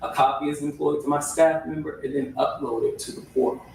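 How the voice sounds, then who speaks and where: A man's voice: a little high, flat delivery, fairly quick, gravelly, a little mellow. A man testifying as a records custodian in court, hedging his answers and checking in with "right?". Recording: echoey room audio from far off, faint hiss.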